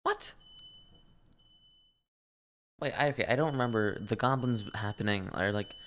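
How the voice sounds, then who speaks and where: Dude reacting to a manga, talks slow, swears a ton, laughs a lot, melts over cute stuff. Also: male voice, fairly low pitch, fairly bright tone, a little hiss or hum. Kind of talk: casual reaction commentary.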